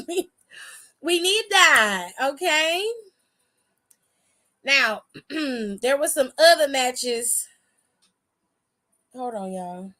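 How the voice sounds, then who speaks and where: A high-voiced woman talks straight to her viewers in a casual vlog recap. She is sassy and chatty and swears freely, with a bright, ringing tone. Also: expressive, very slow, long pauses. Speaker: wrestling recap vlogger.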